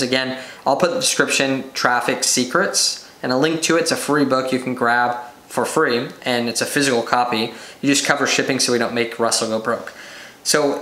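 An energetic male podcast host, medium-pitched and recorded with roomy echo, talks business solo. He lists things off rapidly and performs the voices of excited buyers.

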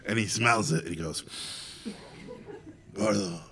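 A Mexican man, an animation director from Mexico, telling a story to an audience in an animated, theatrical way, with loud acted quotes. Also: medium pitch, moderate pace, noisy background. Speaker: animation director and festival guest speaker.

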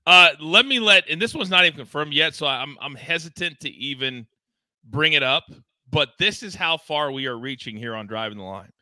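A man's voice: fairly high pitch, animated, moderate pace, sharp tone, no echo. A man hosting a live sports betting show, talking in a hyped, teasing, promotional way. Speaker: host.

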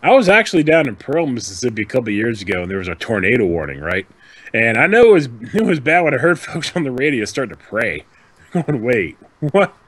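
A man's voice: medium pitch, quick pace, no echo. A man co-hosting a casual fan podcast, joking around and laughing often. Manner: animated, laughs often, jokey. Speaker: podcast co-host. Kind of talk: casual chat.

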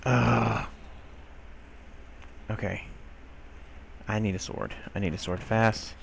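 Gamer, man, lowish voice, exasperated running commentary, faint hiss behind. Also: steady tone, slow pace, gravelly. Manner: exasperated, grumbling, talks to game characters, mild swearing. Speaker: gameplay commentator. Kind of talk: casual let's-play commentary.

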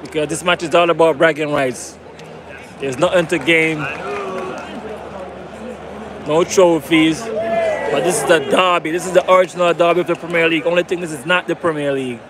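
A man's voice: a little high, steady tone, a little fast. A man livestreaming a football match as a fan, repeating himself and hyping viewers to like and subscribe, from the stadium stands. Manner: repetitive, hyping, begs for likes. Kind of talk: live match commentary stream. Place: stadium stands among fans. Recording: loud crowd and outdoor noise. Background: stadium crowd.

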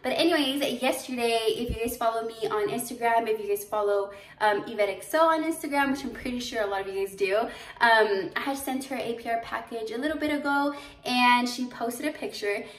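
Young woman, boutique owner, casual vlog chat, slightly high voice, roomy echo, a bit off-mic. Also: fairly quick, distant mic. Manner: chatty, animated storytelling with fillers. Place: her boutique store, indoors. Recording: echoey room, voice off-mic.

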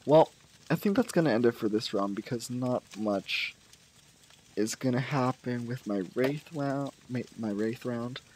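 A man's voice: medium pitch, a little slow, darkish tone, rough recording. A man casually narrating his own video game play, musing aloud with fillers and trailing off.

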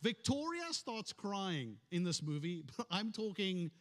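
A man with a high-pitched voice preaches in a church, speaking to the congregation with a conversational, storytelling manner and playful humor. His voice carries a long reverb from the sanctuary. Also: sing-song, measured pace. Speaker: pastor. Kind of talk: sermon.

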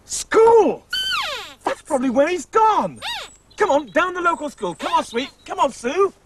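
A man's voice: very high voice, big pitch swings, normal speed, fairly bright tone, a little hiss or hum, rough recording. A middle-aged man hosting a children's TV puppet show, playful and chatty as he talks to his puppets. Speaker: puppeteer host.

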